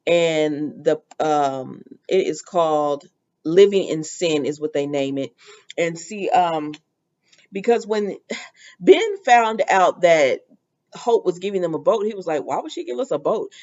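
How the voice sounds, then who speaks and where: A woman's voice: deep voice, expressive, slow, darkish tone, lo-fi sound. A woman hosting a casual soap opera recap, chatty and opinionated, with lots of fillers.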